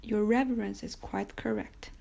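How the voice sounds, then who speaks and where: A nervous, bowing innkeeper, middle-aged and overeager to please his guest, as a woman reads him in an audiobook. The voice is gravelly and mellow. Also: medium pitch, fairly even intonation, normal speed, close to an everyday voice. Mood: fawning. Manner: obsequious, eager to please. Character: anxious fawning male innkeeper, middle-aged.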